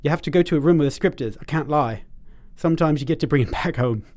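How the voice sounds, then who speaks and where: Podcast co-host, male, joking upbeat delivery, somewhat higher voice. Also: quick pace, darkish tone. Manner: upbeat, joking, frequent fillers. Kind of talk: casual chat.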